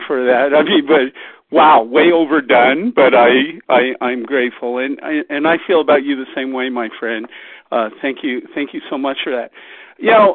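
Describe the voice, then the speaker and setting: A man's voice: on the high side, no echo. Man from Canada, rambling motivational talk, phone-line sound, dry. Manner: rambling, folksy, many restarts and fillers. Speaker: guest speaker on a company call.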